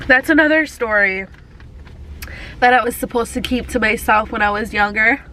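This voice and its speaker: Bright, chatty young woman in a car. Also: fairly high pitch, moderate pace. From Texas. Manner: rambling, chatty storytelling with many fillers. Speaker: vlogger. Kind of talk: casual car mukbang chat. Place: parked car.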